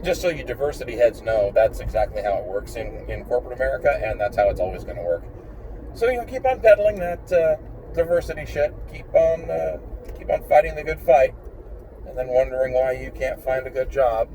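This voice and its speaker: A man's voice: medium pitch, expressive, a little fast. A blunt, opinionated man who swears freely, rambling casually while he drives his car. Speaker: vlogger. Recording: distant mic in a car, faint engine noise.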